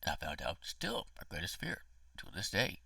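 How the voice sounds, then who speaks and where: A man's voice: deep voice, wildly swooping pitch, normal speed, gravelly, bright, forceful tone, husky, no room sound, distant mic. A man giving a casual spoken movie review, ranting with emotion and profanity, sometimes dropping to a whisper.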